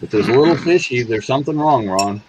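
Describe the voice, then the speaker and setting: A man's voice: mid-range voice, lively intonation, fast, noisy background. A man cracking dry jokes and swearing in a streamed voice chat. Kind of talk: casual banter.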